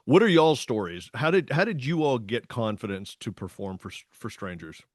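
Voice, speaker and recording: A man, co-hosting a podcast and telling stories in a lively, casual way, acting out the voices in his stories. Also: mid-range voice, moderate pace, no room sound, studio quality. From Tennessee, US. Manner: animated storytelling with voiced quotes. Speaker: podcast co-host. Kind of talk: casual chat.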